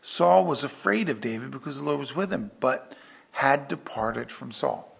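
Gravelly guy preaching through bible verses, gets loud then goes quiet and hushed. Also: mid-range voice, normal speed. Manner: animated, swings from loud to hushed. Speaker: pastor. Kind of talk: verse-by-verse sermon.

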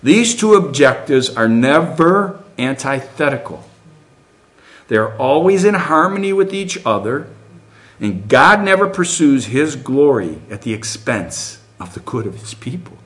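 A middle-aged man delivering a sermon, his pitch leaping up and down with real liveliness. He keeps turning to the congregation with rhetorical questions, animated and earnest throughout. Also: measured pace. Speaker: preacher.

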